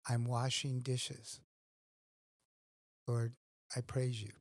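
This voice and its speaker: A man's voice: medium pitch, little pitch movement, drawn-out words, a little mellow, no room sound, studio quality. A middle-aged man, a guest in a casual conversation, telling earnest stories and acting out his own thoughts.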